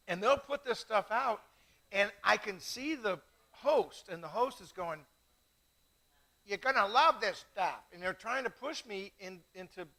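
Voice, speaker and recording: Hosting a live wine tasting show as a casual live stream, a middle-aged man chats in a self-mocking way. His high voice comes across bright and forceful, and he tells stories with plenty of energy. The recording is rough.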